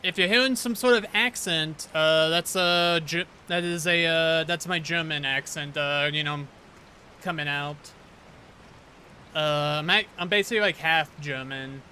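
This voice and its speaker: Bright-voiced chatty male streamer. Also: on the high side, unhurried, a little hiss or hum. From Detroit, Michigan. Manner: rambling, chatty, talks to chat viewers. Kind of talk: casual gameplay commentary.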